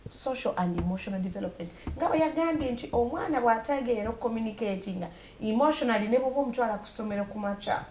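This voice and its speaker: A woman's voice: mid-range voice, darkish tone, reverberant, slight background noise. A Ugandan woman radio host commenting casually, switching between English and Luganda as she explains. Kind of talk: casual talk show commentary.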